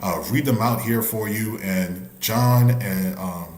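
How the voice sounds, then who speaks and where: A man hosting a church men's ministry live stream, animated and chatty, with many restarts and shout-outs. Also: on the low side, slow pace, roomy sound. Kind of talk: upbeat casual hosting.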